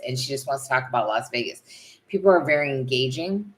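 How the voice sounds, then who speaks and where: A middle-aged woman from the United States chatting casually as a vlog co-host, animated and storytelling. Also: rumbling low, fast, noisy background. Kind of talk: casual live chat.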